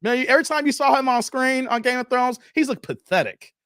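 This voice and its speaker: A man's voice: very high voice, animated, brisk, fairly bright tone, clear, resonant tone, no echo, clean studio sound. A man hosting a casual live stream, chatting loosely with viewers, answering their comments and often tossing in "man". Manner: brash and defiant toward critics.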